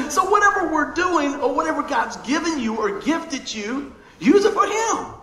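Older male pastor, high voice, joking sermon style, echoey hall. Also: moderate pace, few pauses. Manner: jokey, animated, laughs often. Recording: echoey room with faint noise.

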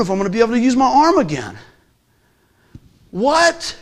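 A man giving a lively spoken testimony, telling a story with acted-out quotes and swinging from loud bursts to hushed lines. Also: extremely high pitch, normal speed. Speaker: gospel musician giving testimony. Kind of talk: animated testimony sermon.

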